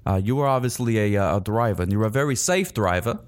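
A man's voice: fairly low pitch, expressive, fast, smooth. A man hosting a comedy radio show, rambling goofily and giving mock-serious advice. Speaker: host.

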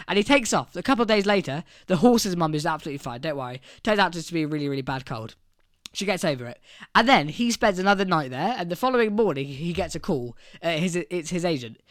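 A man's voice: a little high, lively intonation, a little fast, no echo, clean studio sound. A man co-hosting a podcast, telling a long joke in a playful, rambling way. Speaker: podcast co-host. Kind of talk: casual joke-telling chat.

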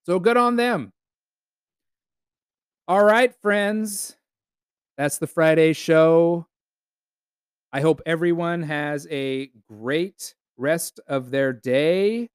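Man, podcast host, casual monologue, sarcastic, swears a lot, smooth clear voice. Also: a little high, dry recording, clean studio sound. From United States. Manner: sarcastic, profane, laughs often.

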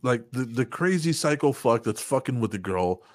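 A man hosting a casual podcast, telling stories in an animated, profane way and acting out quotes. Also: medium pitch, normal speed, no room sound, clean studio sound. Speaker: podcast host.

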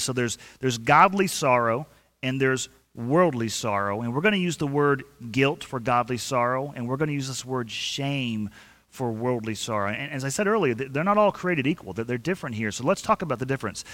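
A man preaching a sermon as pastor, telling the story with animated delivery, acting out the quoted voices, and often repeating and restarting his words. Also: mid-range voice, a little fast. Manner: frequent repetitions and restarts.

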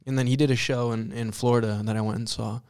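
A man's voice: mid-range voice, little pitch movement, quick pace, a little mellow, smooth. A young man co-hosting a casual podcast from a room at a school, joking around. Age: young adult. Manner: joking, puts on silly voices for quotes. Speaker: podcast co-host. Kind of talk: casual chat.

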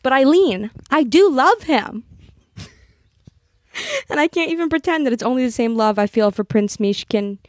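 A young woman from Los Angeles co-hosting a casual chat, laughing often and reading a book passage slowly and earnestly. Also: sits high, animated, darkish tone, no room sound, clean studio sound. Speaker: podcast co-host.

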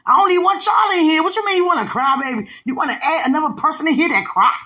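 A woman voicing a stern, exasperated mother who scolds her children in a fast, rising tone. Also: mid-range voice, sharp tone, breathy edge. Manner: scolding, rapid.

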